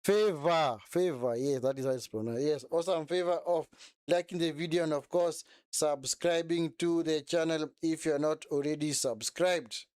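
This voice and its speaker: Young male streamer, slightly high, smooth clear voice, dry close sound, rambling and self-correcting. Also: normal speed, darkish tone, no room sound. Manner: chatty, repetitive, self-correcting. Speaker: live stream host. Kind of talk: casual live watch-along commentary.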